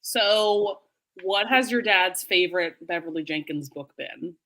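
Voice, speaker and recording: Woman host with a bright voice, lots of yeah and right, chill stream chat. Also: fairly low pitch, measured pace. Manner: supportive, many short agreements. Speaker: livestream host. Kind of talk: casual livestream chat.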